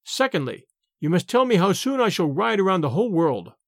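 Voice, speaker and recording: A man's voice: high-pitched, big pitch swings, brisk, no room sound, clean studio sound, exaggerated voice. A man voicing a proud, angry medieval king in a storybook reading. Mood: commanding. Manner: imperious, loud.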